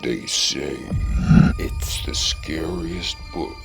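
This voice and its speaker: Deep, gravelly horror-trailer narrator. Slow, swooping, over loud music. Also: male voice, huge pitch swings, full character voice. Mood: ominous. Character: ominous male movie-trailer narrator.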